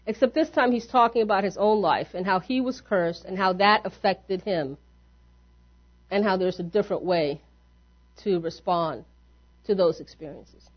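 Woman preaching a conversational sermon. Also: mid-range voice. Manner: conversational preaching with rhetorical questions. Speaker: pastor. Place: church. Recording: dull lo-fi sermon recording.

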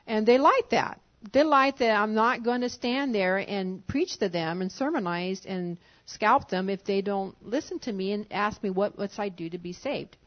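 A pastor's wife giving an informal sermon, coaxing and chatty with frequent chuckles. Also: female voice, mid-range voice, moderate pace, few pauses. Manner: conversational, coaxing, often chuckling. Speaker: pastor's wife leading a church service. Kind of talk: informal sermon talk to a congregation. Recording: dull lo-fi church recording.

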